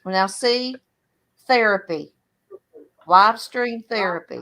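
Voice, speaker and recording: Woman making slow playful quips. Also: medium pitch, a bit bright. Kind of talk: casual live stream chat.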